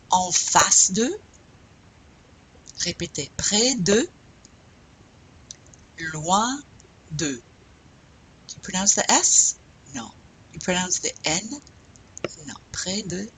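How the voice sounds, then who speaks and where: A woman teaching a French class, slowly modelling phrases and pronunciation for students to repeat. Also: sits low, bright, forceful tone, a little hiss or hum, rough recording. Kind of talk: classroom language lesson.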